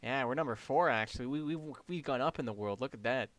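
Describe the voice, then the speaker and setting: A young man from Canada with a light Canadian accent and a flat, deadpan delivery, reacting wryly while he chats on a gaming stream. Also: medium pitch, fast talker, dry recording. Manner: wry, sarcastic reactions. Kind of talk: casual gaming stream chat.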